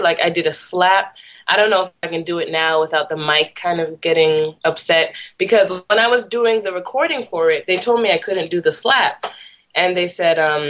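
A young woman musician from the Boston area talks through an interview in a slightly low voice. Her chat is casual and loose, full of fillers and quick laughs. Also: a bit bright. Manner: chatty, laughs often, lots of fillers. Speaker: musician guest.

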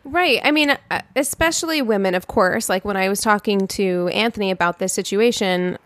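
A young woman co-hosting a podcast, talking things through in a thoughtful, measured way. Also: mid-range voice, a bit bright, no echo. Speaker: podcast co-host. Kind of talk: casual podcast chat.

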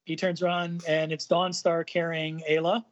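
A man's voice: a little high, little pitch movement, normal speed. A man on a podcast recapping a comic book, reading the characters' lines aloud with lots of ums and uhs. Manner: hesitant, many ums and uhs, reads quotes lightly acted. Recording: dull lo-fi audio.

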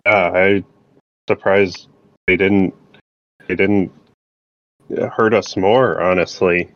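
A man's voice: sits low, steady tone, slow pace, a bit bright, no room sound, muffled recording. A man taking part as a player in a tabletop role-playing game, speaking hesitantly and thoughtfully. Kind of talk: casual tabletop role-play.

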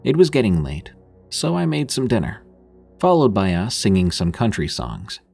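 A man with a very low, husky voice reads a campfire horror tale in a steady scripted way. Faint music hums underneath him. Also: normal speed. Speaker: story narrator. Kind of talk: scripted horror story narration.

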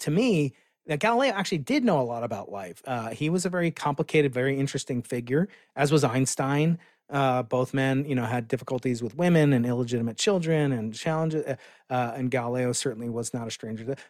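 A man's voice: medium pitch, a little mellow, dry recording, studio quality. A middle-aged man talking as a podcast guest, telling a story with enthusiasm and plenty of fillers and restarts. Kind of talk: casual podcast conversation.

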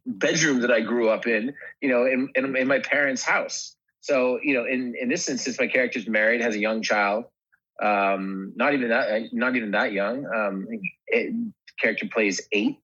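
A husky, breathy male voice on a slightly dull, muffled recording. A guest actor in relaxed podcast conversation, he circles his thoughts and often restarts a phrase before finishing it. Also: medium pitch, normal speed. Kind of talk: casual podcast chat.

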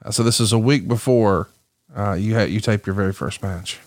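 A man's voice: fairly low pitch, a little fast. A man hosting a podcast interview, enthusiastically setting up clips and asking questions. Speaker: podcast host. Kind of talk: casual interview chat.

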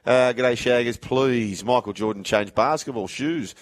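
A man's voice: medium pitch, unhurried. A man with an Australian accent hosting a casual sports radio show, joking with his co-host and reading out listener texts. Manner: jokey, matey, reads out texts.

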